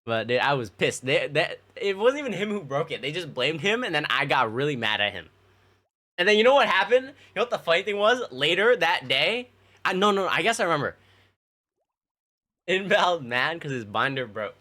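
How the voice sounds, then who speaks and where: His voice sits on the high side with big pitch swings, and he talks briskly in a bright, forceful tone. The young man rambles to his stream chat about his childhood, profane and heavy on filler words.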